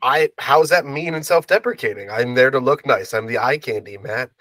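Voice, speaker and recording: Deadpan young podcast co-host. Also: male voice, medium pitch, moderate pace, no room sound. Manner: deadpan, self-deprecating joking. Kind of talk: casual chat.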